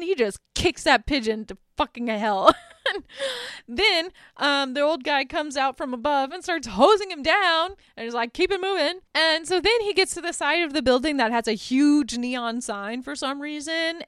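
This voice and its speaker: A young woman casually recapping a film's plot, animated and profane, with lots of filler words. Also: high voice, clear, resonant tone, no room sound, clean studio sound. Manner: animated, swearing, many "like"s and "um"s; acts out characters' lines in quick voices. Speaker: podcast host.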